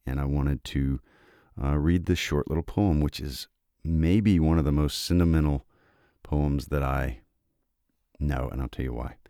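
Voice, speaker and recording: Very deep-voiced man, soft and halting. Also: clear, resonant tone, no room sound, studio quality. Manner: soft-spoken, halting, emotional. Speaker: podcast host. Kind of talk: casual reading and reflection.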